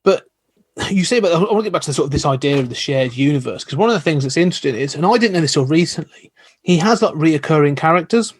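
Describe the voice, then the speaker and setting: Eager man with a higher voice. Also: animated, quick pace, slightly rough, dry recording. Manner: enthusiastic, rambling storytelling. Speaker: podcast guest. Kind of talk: casual chat.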